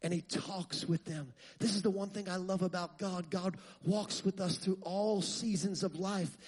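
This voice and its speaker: A man preaching a sermon, asking the congregation rhetorical questions and building to loud, fervent passages. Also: high voice, fairly even intonation, measured pace, breathy edge.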